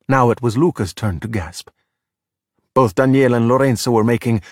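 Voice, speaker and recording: A middle-aged man reading a children's storybook aloud in a steady, plain way. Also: medium pitch, moderate pace, slightly rough, no echo, studio quality. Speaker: narrator.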